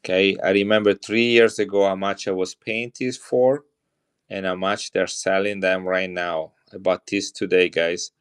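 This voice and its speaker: Chatty Italian-accented man, very deep voice. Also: steady tone, normal speed, smooth. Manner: chatty, greets viewers, shows off coins. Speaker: coin seller on a live stream. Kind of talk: casual live-stream sales talk.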